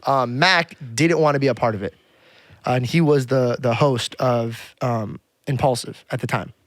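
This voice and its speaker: A man's voice: medium pitch, moderate pace, no echo. A man on a podcast, telling a story casually and acting out other people's lines. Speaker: podcast guest.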